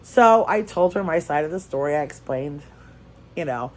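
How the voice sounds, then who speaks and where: A woman vlogger telling a story in casual chat, lively and repeating phrases for emphasis. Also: sits low, moderate pace, slight background noise. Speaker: crafting vlogger.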